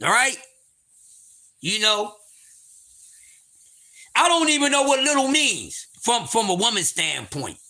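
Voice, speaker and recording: A man with a very high, bright voice tells a story on a livestream. His pitch swings widely, and he often gets loud and profane as he laughs his way through it. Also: big pitch swings, slow pace, pauses often. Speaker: livestream host.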